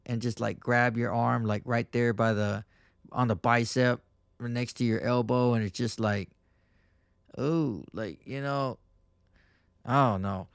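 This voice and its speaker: A man's voice: medium pitch, fairly even intonation, moderate pace, gravelly, no echo, clean studio sound. A man hosting a podcast, telling stories in a crude, rambling way with lots of profane slang. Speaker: podcast host. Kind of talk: casual podcast monologue.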